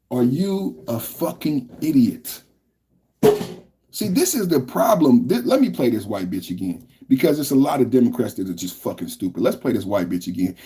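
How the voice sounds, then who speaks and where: A man hosting a reaction podcast reacts to clips in a heated political rant, swearing heavily, raging, and mocking his critics. His voice is medium-pitched, mellow, and slightly rough.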